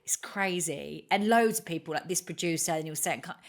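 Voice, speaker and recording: A woman's voice: lowish voice, fairly quick. A woman co-hosting a podcast, telling an anecdote in casual chat and acting out the people she quotes. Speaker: podcast co-host.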